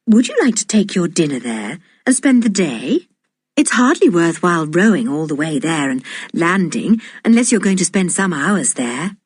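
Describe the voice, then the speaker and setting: A woman's voice: fairly low pitch, very animated, normal speed, husky, no room sound. A woman reading aloud, voicing a middle-aged mother who speaks with mild reproach. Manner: mildly reproachful.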